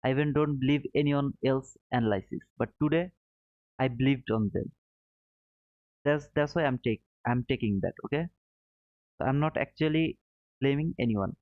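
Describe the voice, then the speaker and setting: A man's voice: mid-range voice, moderate pace, pauses often, no room sound. Live trading streamer, male, self-critical and apologetic, dry phone-like sound. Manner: apologetic, self-critical, frequent restarts, non-native phrasing. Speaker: livestream trading host. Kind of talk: live-stream chat to viewers.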